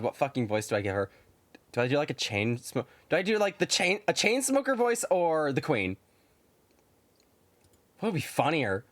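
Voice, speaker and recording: A woman streamer chatting casually while playing a story game, with offhand, wry asides. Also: very deep voice.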